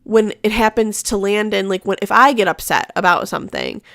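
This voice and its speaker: A woman's voice: medium pitch, fairly quick, gravelly, fairly bright tone, dry recording, studio quality. A woman hosting a casual live chat, rambling along with many fillers and restarts. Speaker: host; mother.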